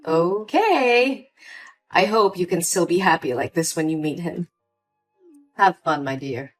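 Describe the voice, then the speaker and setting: Casting: a woman playing a cold, manipulative older mother, lower and lively-voiced, with faint music behind. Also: slow pace, long pauses. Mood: sweet. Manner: sweet at first, then cold and dismissive. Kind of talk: scripted story voice acting.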